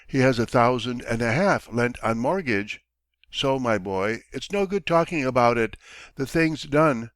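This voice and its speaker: A man's voice: mid-range voice, animated, fairly bright tone, no echo, clean studio sound. A man reading an audiobook, voicing a blunt, self-satisfied older townsman who talks down to others. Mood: dismissive. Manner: brisk, dismissive, bossy. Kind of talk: audiobook character voice.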